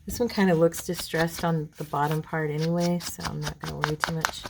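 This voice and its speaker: A middle-aged woman hosting a crafting video at home, chatting casually and rambling between tasks, clearing a frog in her throat. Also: sits low, flat delivery, fairly quick, heavy background noise. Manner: rambling, chatty, addresses viewers as girls. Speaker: craft channel host.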